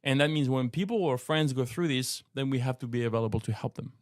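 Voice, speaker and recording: A man in his sixties with a French accent, co-hosting a faith podcast in an earnest, halting way with many restarts. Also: medium pitch, no echo, studio quality. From France. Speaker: co-host and apologetics teacher. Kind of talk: casual podcast conversation.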